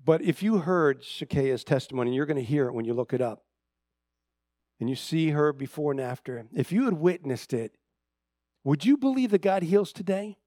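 A middle-aged male pastor delivers a sermon in a fairly high voice. He retells a story with stumbling repeats and swings from loud, emphatic rises to near-hushed drops. The sound is close and dry. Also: lively intonation, moderate pace, dry recording.

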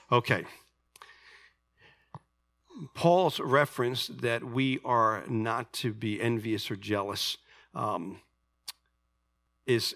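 A man's voice: fairly low pitch, creaky, fairly bright tone. A man preaching a sermon as pastor, emphatic and calling out to his congregation.

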